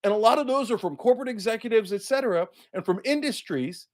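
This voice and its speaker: A man giving heated political commentary as a show host, sarcastic and indignant, mocking the people he quotes and hitting key words loud and high. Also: expressive, quick pace.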